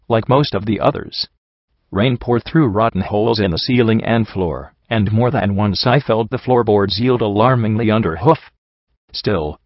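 A man reading a first-person story aloud in a steady storytelling voice. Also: lowish voice, no room sound, dull audio. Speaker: audiobook narrator. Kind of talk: scripted narration of a fan story.

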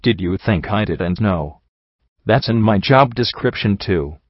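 A man voicing a calm male unicorn morale officer who speaks softly but firmly. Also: lowish voice, measured pace, no echo. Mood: calm, sympathetic. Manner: soft but firm, calm. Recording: dull lo-fi recording.

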